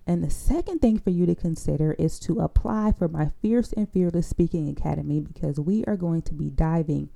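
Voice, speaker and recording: A woman teaching public speaking in a podcast, her voice low and very dark in tone. There is a gravelly fry in it as she works through her points, repeating key lines and checking in with her listeners. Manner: coaching, often adds a tag question for agreement; repeats key phrases for emphasis. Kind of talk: instructional podcast monologue.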